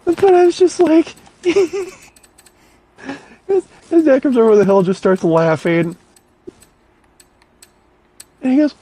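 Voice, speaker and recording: A man's voice: extremely high pitch, very animated, takes it slowly, long pauses, warm tone, breathy edge, dry recording, rough recording. A man telling a funny story in casual chat, laughing often and acting out quotes with a raised voice.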